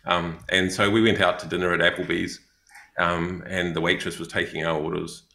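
A New Zealand man with a low, gravelly voice that still comes through bright and forceful. He tells stories in an unhurried, rambling way, full of ums and restarts, and the sound carries a roomy echo. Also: level tone. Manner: rambling, many fillers and restarts. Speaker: podcast co-host, missionary. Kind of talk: casual storytelling chat.

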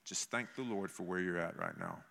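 A man preaching a sermon in an animated way, acting out voices from scripture. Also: sits low, normal speed, gravelly. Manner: animated, acts out biblical voices. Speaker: pastor. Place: church meeting in a gym. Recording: long hall reverb.

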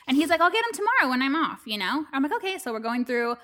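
Animated, bright-voiced woman telling stories. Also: high-pitched, fast talker. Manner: animated storyteller, swears freely, acts out quotes. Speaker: podcast co-host. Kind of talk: casual chat.

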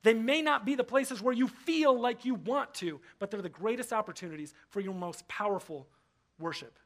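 A young adult man gives a sermon from the front of a church. His voice sits high for a man. He stays animated throughout, playing out other people's voices and repeating words for emphasis. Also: normal speed. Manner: animated, acts out quoted voices, repeats words when stressing a point. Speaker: pastor. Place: church hall.

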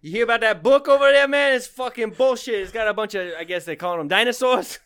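A man's voice: very high voice, fast, fairly bright tone, clear, resonant tone, pitched above the performer's own voice. A man putting on a scoffing medieval dude-bro. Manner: slangy, scoffing.

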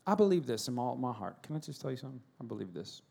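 A pastor giving a sermon in a church, swinging between loud shouted storytelling and quiet, earnest asides. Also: male voice, medium pitch, very animated, very fast, gravelly, husky.

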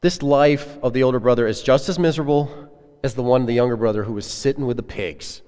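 A man's voice: medium pitch, a little fast, darkish tone, clear, resonant tone. A man preaching a sermon as a pastor, earnest and conversational, putting questions to his listeners. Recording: echoey hall with long reverb.

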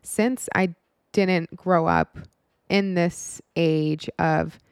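Candid woman in her twenties, lowish voice, casual storytelling, dry close sound. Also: fairly even intonation, very slow, darkish tone, clear, resonant tone, dry recording. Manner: candid and frank, with casual swearing and many "like" fillers.

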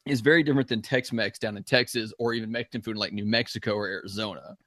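A man with school-age kids, chatting fast and animatedly as a podcast co-host. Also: fairly low pitch, fairly even intonation, bright, forceful tone, no echo. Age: adult with school-age kids. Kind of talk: casual chat.

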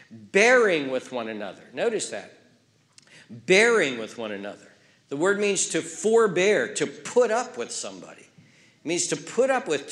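A man preaching a sermon in a church, repeating key words for emphasis and swinging between loud, urgent phrases and hushed ones. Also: a little high. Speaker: pastor.

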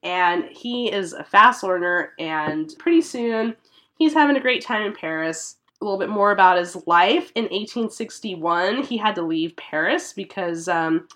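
A woman's voice: mid-range voice, expressive, a little slow, a bit bright. A woman hosting a podcast, telling history in a chatty storytelling way with lots of fillers. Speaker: podcast host. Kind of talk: casual art history chat.

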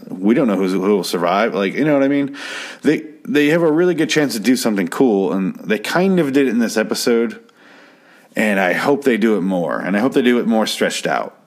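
A man recapping a TV episode in a rambling, sarcastic way, swearing freely. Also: fairly low pitch. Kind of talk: casual profane recap.

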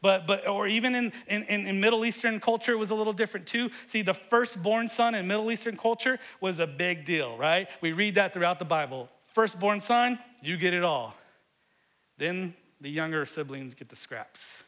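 A middle-aged man preaching a sermon, earnest and often repeating words, swinging between loud emphasis and hushed moments. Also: sits high, normal speed. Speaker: pastor.

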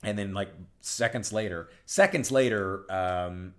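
Retelling scenes on a podcast he co-hosts, this man rambles, restarts his sentences, and performs movie lines in casual conversation. He speaks at a measured pace in a fairly low, fairly bright voice.

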